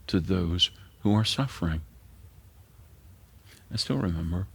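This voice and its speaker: An older male pastor delivers a heartfelt sermon. His voice sits very low and is rough with fry and a husky edge. At key moments he lowers it to a soft, earnest near-whisper. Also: lively intonation, a little slow, long pauses. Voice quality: gravelly, husky voice.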